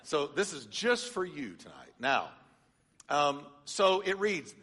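Male pastor, lively teaching sermon, bright tone, long reverb of a church hall. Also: a little high, slow, slightly rough. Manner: animated, engages congregation with call-and-response. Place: church sanctuary.

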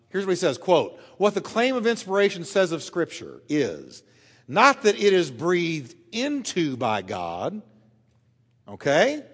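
A pastor with a high voice preaches to his church in a big-sounding room. He's emphatic, dropping quiet before swelling loud, and he draws out key words.

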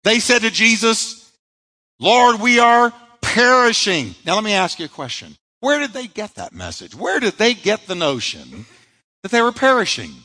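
A man's voice: high voice, huge pitch swings, moderate pace, bright, forceful tone, big-room sound, low-quality recording. A male pastor preaching a sermon, emphatic, asking rhetorical questions and answering them himself.

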